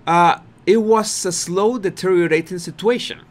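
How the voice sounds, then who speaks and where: A man's voice: high-pitched, normal speed. A man giving casual commentary on a video clip, repeating words and restarting often. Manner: repetitive, restarts often, animated with laughter.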